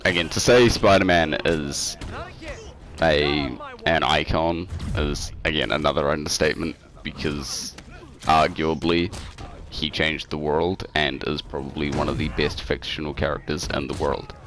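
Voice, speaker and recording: A man with an extremely deep, low-pitched voice co-hosts a casual online chat show. He rambles through a story with plenty of ums and restarts, heard over an online call. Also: steady tone, a little slow, a bit bright, faint music behind. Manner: rambling, filler-heavy storytelling. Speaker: co-host. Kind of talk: casual podcast chat over a game stream. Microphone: home mic over an online call.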